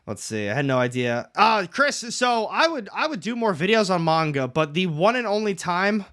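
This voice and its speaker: A man's voice: high voice, very animated, normal speed, bright, forceful tone. A young man hosting a casual comics livestream, rambling, reading chat aloud and swearing casually from his room at home.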